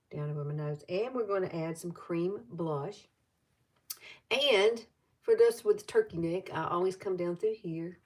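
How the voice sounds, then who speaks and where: Chatty Southern woman over fifty. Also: lowish voice. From Alabama. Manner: chatty and rambling, greets viewers. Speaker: makeup tutorial host. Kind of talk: casual live makeup tutorial.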